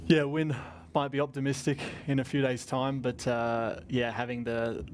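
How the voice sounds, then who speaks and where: A man's voice: medium pitch, flat delivery, moderate pace, slight background noise. An Australian man in his twenties, a racing driver answering press conference questions in a chatty, rambling way with lots of laughter.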